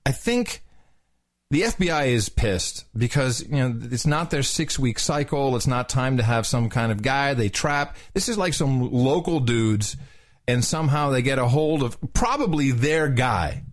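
A man's voice: medium pitch, lively intonation, a little slow. A man hosting a talk show, speaking in a sarcastic, rambling way with many fillers. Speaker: podcast host. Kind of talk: casual political talk.

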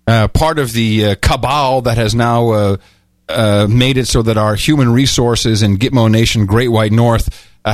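A middle-aged man co-hosting a casual podcast, telling stories in a rambling, animated way. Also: mid-range voice, no room sound. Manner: rambling, animated storytelling, with many restarts. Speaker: podcast host. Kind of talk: casual chat.

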